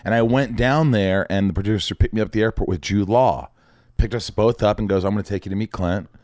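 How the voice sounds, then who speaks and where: A middle-aged man from Indiana, an actor appearing as a podcast guest, tells anecdotes in casual conversation and animatedly acts out other people's voices. His voice is fairly low and quick-paced. The sound is clean studio audio with no room sound.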